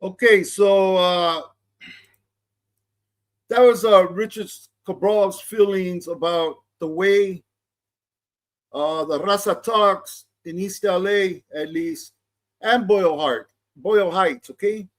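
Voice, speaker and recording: A man's voice: high-pitched, fairly even intonation, slow, pauses often. A middle-aged man hosting his channel, talking casually and often checking in with "okay?". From East Los Angeles. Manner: conversational, peppered with "okay?" and Chicano slang. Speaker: channel host. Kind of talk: casual commentary monologue.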